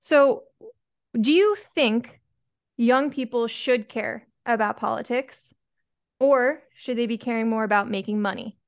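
A woman's voice: fairly high pitch, measured pace. A woman hosting a podcast interview, reflecting in a casual way and asking her guest open questions. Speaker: podcast host.

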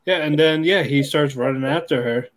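A man's voice: a little high, normal speed. A man co-hosting an anime podcast, bantering in slangy casual talk, laughing often and mimicking characters. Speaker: podcast co-host. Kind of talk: casual anime recap chat.

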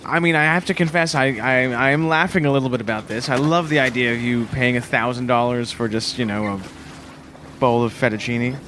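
A man's voice: medium pitch, steady tone, brisk, fairly bright tone, a little hiss or hum. A man co-hosting a comedic podcast outdoors on a boat, teasing and playful. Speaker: podcast co-host.

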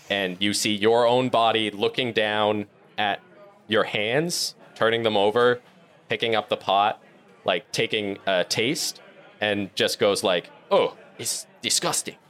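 A man running a tabletop game as game master, narrating in a relaxed, rambling way with fillers. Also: on the low side, slow.

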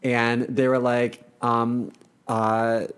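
A man's voice: medium pitch, flat delivery, very slow, clear, resonant tone. Candid rambling man telling stories. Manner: candid, rambling storyteller with many fillers. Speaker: podcast co-host. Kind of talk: casual podcast chat.

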